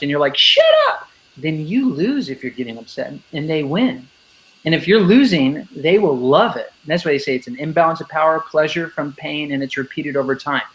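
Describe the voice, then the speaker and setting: Gravelly-voiced man explaining with emphasis. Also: a little high, rough recording. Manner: emphatic, acts out kids' voices in quotes. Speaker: anti-bullying speaker and educator. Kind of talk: interview guest explaining.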